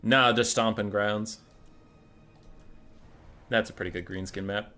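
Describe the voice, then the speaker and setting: Bright-voiced man commenting on a game. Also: lowish voice, steady tone, unhurried, soft background music. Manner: casual, wry, easily distracted. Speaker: gaming streamer. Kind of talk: casual game commentary and storytelling.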